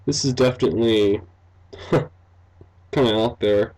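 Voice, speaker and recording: His voice is lowish, steady, a little slow and a little mellow, captured on a low-quality recording. The young game developer and let's-play commentator chats loosely about a game he is making, rambling with fillers like "um", "like" and "you know", laughing a lot and poking fun at himself.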